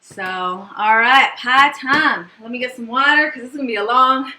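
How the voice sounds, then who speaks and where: Her voice is a little high, bright and forceful, moving at a moderate pace as this young woman hosts a kitchen baking livestream. The chat is casual, chatty and cheerful, full of easy laughs, on a low-quality recording.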